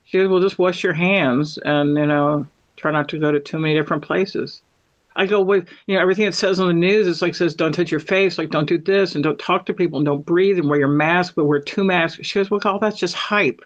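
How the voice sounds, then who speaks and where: A woman's voice: on the low side, steady tone, fairly quick. A middle-aged woman hosting a podcast, telling rambling stories and acting out both sides of each conversation. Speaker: podcast host. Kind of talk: casual storytelling. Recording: muffled lo-fi audio.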